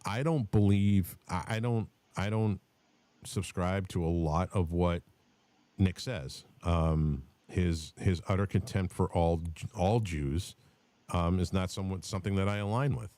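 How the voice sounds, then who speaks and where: A man with a fairly low voice hosts a casual political podcast. He talks in a heated, profane way and rambles through stories, often restarting mid-sentence. The sound is close and dry. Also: a little slow, warm tone, no room sound. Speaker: podcast host.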